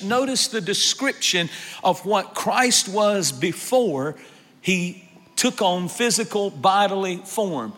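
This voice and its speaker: A man's voice: sits high, expressive, unhurried, sharp tone, big-room sound. A man preaching a sermon as pastor, emphatic, repeating phrases and calling on the congregation for an amen.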